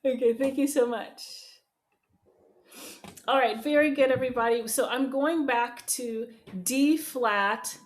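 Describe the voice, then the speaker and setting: A high-voiced woman speaking at a measured pace teaches an online group voice lesson, cheerfully encouraging participants in the chat. It's recorded through a video call in an echoey room with a keyboard.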